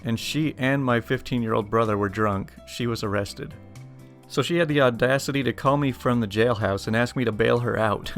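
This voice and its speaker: A man's voice: mid-range voice, normal speed, fairly bright tone, soft background music. A man hosting a channel, reading online stories aloud with casual, amused commentary.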